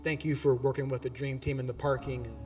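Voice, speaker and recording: Exhorting pastor in an echoing hall. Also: male voice, medium pitch, quick pace, faint music behind. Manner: animated, exhorting, with casual asides. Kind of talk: sermon. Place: church auditorium.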